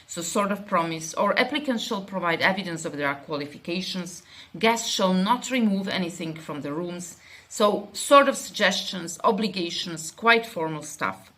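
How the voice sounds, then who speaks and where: A woman with a Slovak accent and a fairly low, pushed, bright voice teaches English grammar at a moderate pace with lively intonation. She reads example sentences aloud and explains them in loose, unscripted speech full of fillers and restarts.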